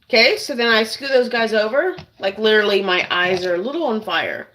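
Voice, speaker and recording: A woman's voice: mid-range voice, animated, brisk, a bit bright, slight background noise, rough recording. A woman hosting a casual cooking demonstration in a kitchen, chatting to viewers as she works. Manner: chatty, keeps addressing viewers as "you guys". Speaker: cooking channel host.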